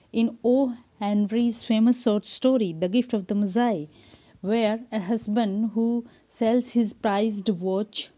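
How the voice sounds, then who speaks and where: A woman with an Indian English accent giving a recorded literature lecture as an English professor, pausing often with filler sounds. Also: mid-range voice, dark tone. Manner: hesitant, many filler sounds.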